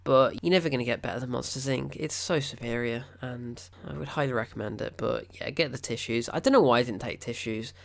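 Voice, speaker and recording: A man's voice: mid-range voice, a little fast, creaky, few pauses. A man, gushing and rambling in a casual film review. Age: 20s.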